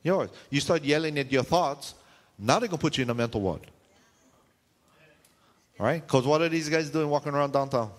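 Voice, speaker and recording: A man preaching a sermon to a congregation in a church, animated and full of rhetorical questions, sometimes acting out shouting voices. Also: a little high, normal speed, long pauses. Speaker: pastor. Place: church sanctuary. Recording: long hall reverb in a church.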